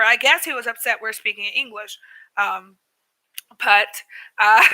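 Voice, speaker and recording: Bright-voiced chatty woman vlogger. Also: a little high, low-quality recording. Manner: chatty, many fillers, acts out quoted people. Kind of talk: casual storytelling vlog. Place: living in Korea.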